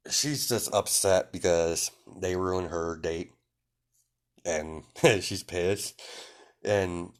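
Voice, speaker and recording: A man with a deep, low voice tells an improvised story in a loose, casual way. He rambles and keeps padding his sentences with "you know" and "um".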